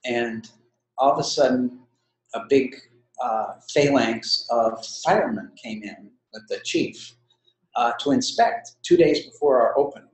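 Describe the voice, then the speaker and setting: An older man recalls old times in a meandering, self-deprecating way, with plenty of pauses. His voice sits at an everyday pitch. The room gives it a noticeable echo. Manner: rambling, self-deprecating storyteller. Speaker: retiring co-founder being interviewed. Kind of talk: anecdotal storytelling in conversation. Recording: roomy echo.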